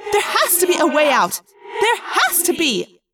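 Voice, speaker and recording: A woman voicing a bold, impulsive teenage girl warrior in a storybook reading, shouting loudly and urgently. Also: extremely high pitch, wildly swooping pitch, unhurried, no echo, studio quality, pitched above the performer's own voice, heavily acted. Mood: desperate.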